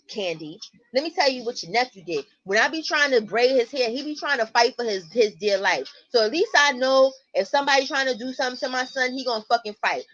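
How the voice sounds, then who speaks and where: A woman, host of a casual livestream, telling stories to her viewers at home in a blunt, profane, animated way. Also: a little high. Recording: muffled lo-fi stream audio.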